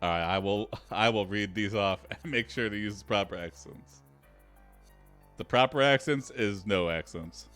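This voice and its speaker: A man's voice: fairly low pitch, moderate pace, fairly bright tone, faint music behind. A man co-hosting a casual podcast who reads out an improvised story with plenty of laughter. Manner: laughs a lot, reads story lines in a plain voice. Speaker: podcast co-host reading an AI story.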